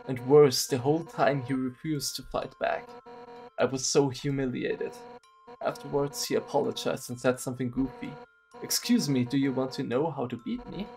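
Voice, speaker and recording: A man's voice: medium pitch, creaky, natural voice. A man doing a brash hot-headed guard captain. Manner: brash, loud, teasing, gets worked up. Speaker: streamer reading game dialogue aloud. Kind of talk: let's play voice reading.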